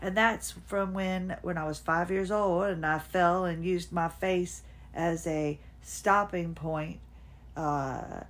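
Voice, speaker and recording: A woman's voice: on the low side, fairly even intonation, slow. A woman in her fifties hosts a casual personal monologue from home. She rambles from one thought to the next and sometimes talks to herself. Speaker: podcast host. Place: at home, seated.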